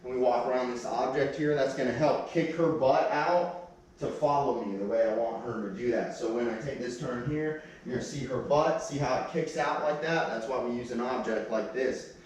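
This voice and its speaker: A man's voice: medium pitch, moderate pace, far from the mic. A man working as a dog trainer, talking casually while he demonstrates and barks short commands at a dog. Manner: plain-spoken, gives sharp short commands to a dog. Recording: very echoey room, voice from off-mic.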